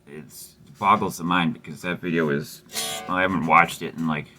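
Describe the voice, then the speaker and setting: A man's voice: deep voice, steady tone, normal speed, pushed and bright. A man hosting a guitar repair video, chatting casually with a rambling, wry, self-mocking manner and lots of fillers. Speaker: host of a guitar repair channel. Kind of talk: casual chat while working on a guitar.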